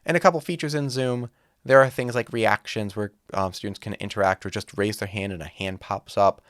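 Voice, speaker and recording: A man's voice: on the low side, steady tone, brisk, a bit bright, no room sound, studio quality. A man casually explaining how to set up a virtual classroom, demonstrating as he talks. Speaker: music teacher. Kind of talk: online teaching tutorial. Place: home studio with green wall. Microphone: studio microphone.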